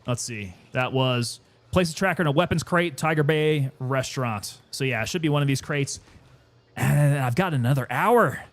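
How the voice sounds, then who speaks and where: A man casually commenting while he plays a game and chats with viewers, relaxed and sometimes winded. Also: medium pitch, moderate pace. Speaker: gaming streamer.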